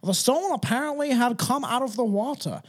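A man's voice: very high voice, lively intonation, moderate pace, voice pushed up. A man putting on an old Scottish witness voice. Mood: solemn. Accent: Scottish (put on).

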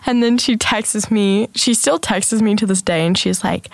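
Young woman guest, chatty and animated, says like a lot, dry close sound. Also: medium pitch, normal speed, vocal fry, hardly any pauses, no room sound. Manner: animated, acts out quotes, frequent "like". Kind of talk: casual interview storytelling.

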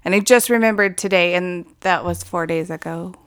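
A woman's voice: lowish voice, normal speed, smooth. A woman co-hosting a casual podcast, wry and laughing often as she swears in passing. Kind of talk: casual chat.

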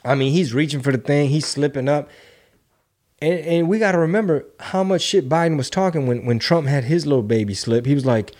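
A man co-hosting a podcast in casual, profane political banter, often slipping into quick mocking impressions. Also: on the high side, darkish tone. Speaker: podcast co-host.

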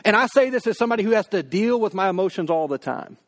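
A man with a high voice preaching a sermon in an easy, conversational way. He talks straight to the congregation and stretches his words out slowly whenever he voices a prayer. The delivery stays informal, full of restarts and asides. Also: expressive. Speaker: pastor.

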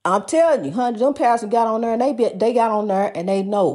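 A woman's voice: a little high, quick pace, darkish tone. A woman hosting a faith talk program, telling folksy stories and calling the listener honey. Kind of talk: casual preaching talk.

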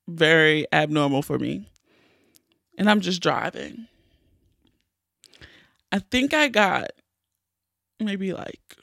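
A tearful woman hosts a podcast and tells a personal story at an unhurried pace. Her voice is gravelly, and the sound is dry and close. She talks candidly, with many fillers and restarts. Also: on the low side, fairly bright tone, no echo. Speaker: podcast host.

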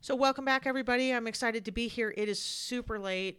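A woman's voice: a little high, fast talker, hardly any pauses, fairly bright tone, clean tone. A woman hosting a casual scripture study podcast, sounding sleepy, chatty and repeating herself with many fillers. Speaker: podcast host.

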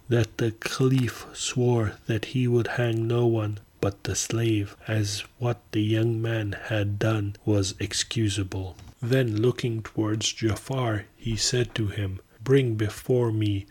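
A man narrating an old tale slowly and evenly in solemn, archaic language. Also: on the low side, slightly rough. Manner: slow, even reading with solemn archaic diction. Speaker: podcast narrator. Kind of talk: scripted storytelling narration.

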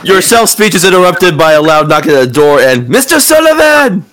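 A man's voice: a little high, expressive, fairly quick, fairly bright tone. A man narrating a tabletop game as game master, casual and descriptive, with fillers.

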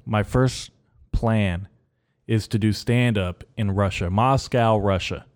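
A man with a slightly low voice hosts his podcast solo, rambling casually from one topic to the next. He delivers outrageous jokes in a flat, deadpan manner, as if they were everyday news. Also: slow pace. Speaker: podcast host. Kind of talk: solo comedic podcast monologue.

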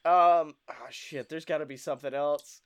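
Man with a high, smooth voice. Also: fairly even intonation, moderate pace. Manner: joking, profane, playful riffing. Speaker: podcast host. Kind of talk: casual chat.

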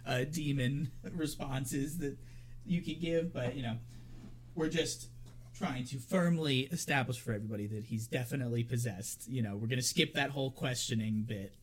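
A man co-hosting a casual horror movie podcast, chatty and quick to laugh, with lots of filler words. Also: mid-range voice. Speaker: podcast co-host.

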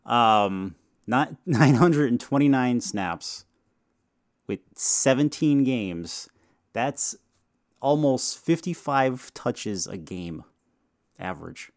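A man's voice: medium pitch, animated, no room sound, clean studio sound. A man co-hosting a casual football podcast, hesitant and prone to laughing, tired after an illness. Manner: unhurried, laughs often, hesitant. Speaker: podcast co-host. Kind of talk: casual sports chat.

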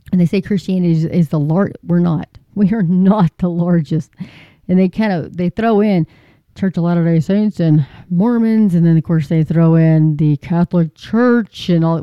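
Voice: mid-range voice, clean tone, dry recording, dull audio. A faith vlogger chatting casually to viewers in a rambling, folksy way, with many fillers and preachy turns. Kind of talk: casual chat to camera.

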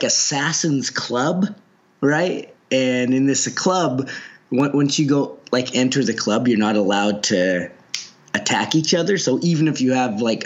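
A man's voice: medium pitch, highs cut off. A man co-hosting a podcast, chatting casually, rambling with lots of fillers and laughs. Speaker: podcast co-host. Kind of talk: casual chat.

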